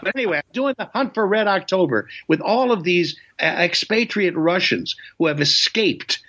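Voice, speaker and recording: A man's voice: high-pitched, animated, normal speed, bright, forceful tone, muffled recording. An older man from Indiana, a comedian and voice actor, telling rambling anecdotes as a guest with many restarts and chuckles. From Indiana, United States. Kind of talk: casual storytelling interview.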